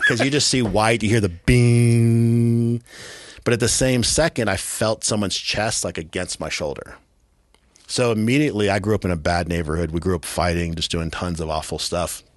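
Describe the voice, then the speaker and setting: A man's voice: deep voice, wildly swooping pitch, a little fast, a bit bright, no room sound. A man from California, a podcast guest, telling a violent story in a blunt, profane, matter-of-fact way with streetwise grammar. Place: podcast studio.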